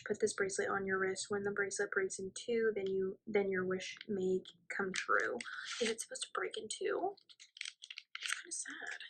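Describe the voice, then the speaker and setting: A woman's voice: medium pitch, fairly bright tone, rough recording. A young woman unboxing gifts in a casual talk, gushing and often dropping to a whisper. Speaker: friend opening gifts.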